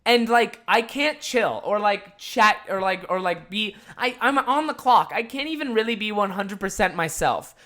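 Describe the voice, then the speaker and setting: Young dude ranting on his podcast, lively up and down voice, swears a lot, says like constantly. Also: high-pitched, normal speed, hardly any pauses. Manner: profane, rambling, lots of filler words. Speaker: podcast host. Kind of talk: casual storytelling monologue.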